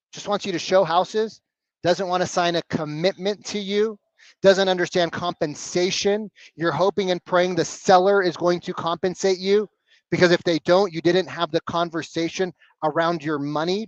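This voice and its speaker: A man coaching salespeople live on a video call, blunt and animated, swearing casually. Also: sits high, normal speed, no echo, highs cut off.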